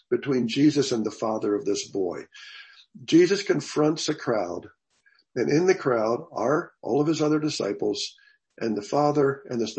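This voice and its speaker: An older man teaching a Bible class in a thoughtful, conversational way, pausing and restarting as he goes. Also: mid-range voice, darkish tone.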